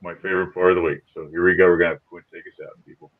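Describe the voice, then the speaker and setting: Upbeat low-voiced man hosting a show. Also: flat delivery, racing, phone-quality sound, a little hiss or hum. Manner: upbeat, rambling with restarts. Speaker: podcast host. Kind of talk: casual live-show chat.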